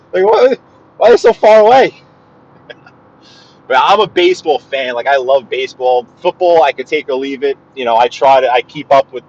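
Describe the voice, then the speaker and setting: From inside a car on the highway, a driver vlogger with a medium-pitched voice live-streams in lo-fi sound. He talks casually to his audience, stumbling often and repeating words.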